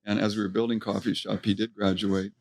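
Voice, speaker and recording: A middle-aged man telling stories from his restaurant career in a casual interview, animated and quoting people as he goes. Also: lowish voice, a little fast, gravelly. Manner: animated anecdote-telling, acts out quotes. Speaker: restaurant co-owner, guest.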